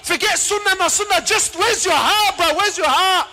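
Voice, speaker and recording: A man preaching a passionate sermon, swinging between shouted questions and quiet asides, with Arabic words and casual slang mixed into his speech. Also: very high-pitched, normal speed. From Lebanon. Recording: reverberant hall.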